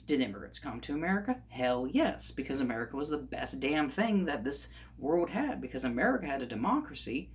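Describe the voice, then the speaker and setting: A man giving a heated opinion monologue on his vlog, ranting and sometimes rising to shouts. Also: mid-range voice, sing-song, brisk, hardly any pauses. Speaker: commentator.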